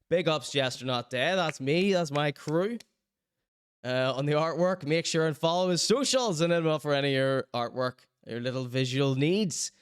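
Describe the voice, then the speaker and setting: A man's voice: on the high side, normal speed, clean tone, no echo. A man hosting his own online show, plugging t-shirts in a joking, rambling, self-mocking way. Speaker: show host.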